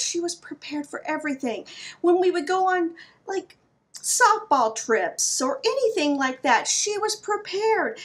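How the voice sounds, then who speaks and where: A middle-aged woman hosting her own vlog, telling a personal story in an animated, playful way with lively asides to the viewer. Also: high-pitched. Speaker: vlog host.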